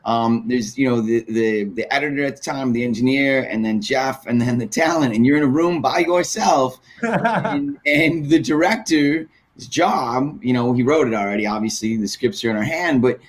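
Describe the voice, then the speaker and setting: A man's voice: mid-range voice, moderate pace. A man recalling his dubbing work as a guest, thoughtful and full of fillers. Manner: reflective, many fillers. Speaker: voice actor guest. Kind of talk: casual chat.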